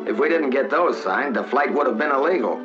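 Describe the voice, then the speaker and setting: A man's voice: mid-range voice, animated, brisk. Wry folksy 1940s narrator man. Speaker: narrator speaking as a flyer. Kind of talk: 1940s wartime documentary narration. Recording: dull 1940s film soundtrack with music.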